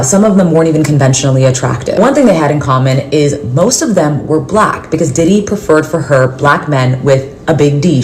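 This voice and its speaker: Low-voiced woman reporting news. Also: darkish tone, slight background noise, rough recording. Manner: measured, matter-of-fact recap.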